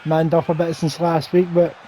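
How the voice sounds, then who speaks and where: A man's voice: on the high side, flat delivery, moderate pace, mellow, slight background noise, rough recording. A man doing play-by-play commentary over a wrestling video game, with wry, teasing banter.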